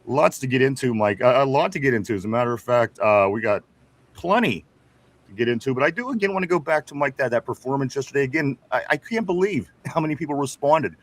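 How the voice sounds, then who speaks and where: A man's voice: mid-range voice, expressive, fast. Chatty man hosting a sports show. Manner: chatty, stumbles and repeats words, chuckles often. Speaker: sports talk show host. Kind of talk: casual sports chat, reading viewer comments.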